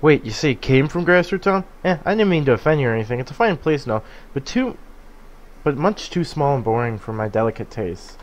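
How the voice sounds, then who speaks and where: A man voicing a smug, fashion-proud male duck creature who loves pranks and teases fast, reading game dialogue aloud. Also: mid-range voice, sing-song, lo-fi sound, close to an everyday voice. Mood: boastful. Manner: fast, smug teasing with cackling laugh.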